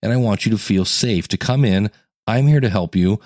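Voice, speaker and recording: Male podcast host and coach, casual teaching monologue, lowish voice, dry studio sound, animated acted-out quotes. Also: normal speed, no echo. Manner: conversational, acts out quotes with sudden jumps in pitch.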